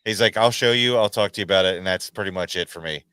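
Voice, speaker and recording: A man telling stories in a lively, slangy podcast chat, full of "dude" and "man". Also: sits low, quick pace, clear, resonant tone, dry recording. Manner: animated storyteller, slangy, says dude and man a lot. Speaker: podcast guest. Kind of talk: casual chat.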